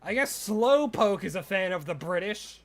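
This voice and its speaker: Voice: mid-range voice, moderate pace. Playful rambling Australian streamer. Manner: playful, rambling, bursts into excited yelling. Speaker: game streamer. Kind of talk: live gameplay stream chat.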